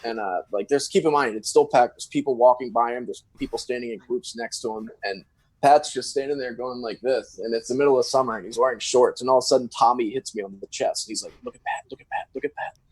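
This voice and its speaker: A man's voice: mid-range voice, fast, breathy edge, no echo. A young man, a guest on a podcast, telling a story in a rambling, casual way. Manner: rambling, full of fillers and restarts.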